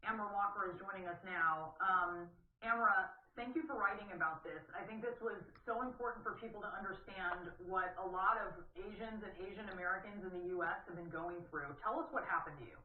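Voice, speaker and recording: A woman's voice: medium pitch, brisk. Composed woman news anchor, tinny and distant. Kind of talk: broadcast news anchoring and interview. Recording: distant echoey phone-like rebroadcast with faint noise.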